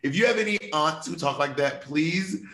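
A man's voice: on the high side, normal speed, fairly bright tone, reverberant. A man, chatting playfully as an interview guest, often swearing and mimicking posh voices. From United States. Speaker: interview guest, drag performer. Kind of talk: casual chat.

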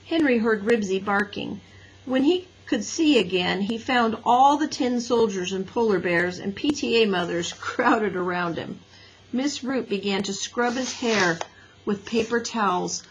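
A woman gently narrating a children's storybook in a breathy voice. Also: mid-range voice, unhurried, rough recording. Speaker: audiobook reader.

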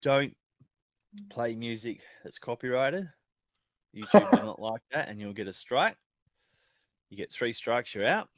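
A man's voice: medium pitch, very animated, unhurried, pauses often, a crowd in the background. An Australian man, a guest on a live-streamed chilli-eating chat, talking freely and swearing casually.

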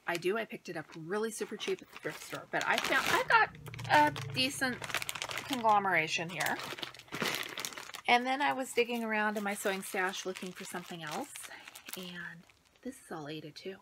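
This middle-aged woman's home vlog about stitching is loose and rambling; she's breathless and occasionally nearly whispers. She speaks at a moderate pace in an expressive, medium-pitched voice against a noisy background.

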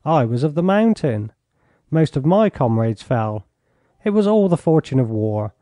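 A man reading an audiobook, voicing a coarse, drunken older baron with a gruff, blustering manner. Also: a little high, big pitch swings, a little slow, warm tone, dry recording.

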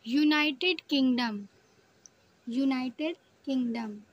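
Slow, deliberate woman spelling words out. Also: high voice, poor audio. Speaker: teacher.

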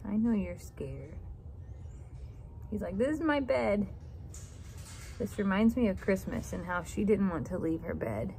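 A woman, talking in soft, cooing baby talk to her pet in a casual vlog. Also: fairly low pitch, lively intonation, moderate pace, a little hiss or hum, low-quality recording. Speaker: vlogger, pet owner. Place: outdoors on a farm. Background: faint farm ambience, geese and rain.

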